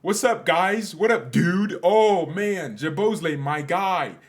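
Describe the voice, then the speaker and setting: A man putting on a breezy, overfamiliar American football coach with an American accent, loud and chummy. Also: high voice, animated, takes it slowly, voice pushed up. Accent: American, put on.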